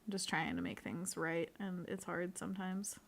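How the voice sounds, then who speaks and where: A woman's voice: fairly low pitch, big pitch swings, moderate pace, gravelly, a little hiss or hum. Young woman, playful, giggly, casual chat while painting. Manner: giggly and playful, laughs often. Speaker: co-host of an art livestream.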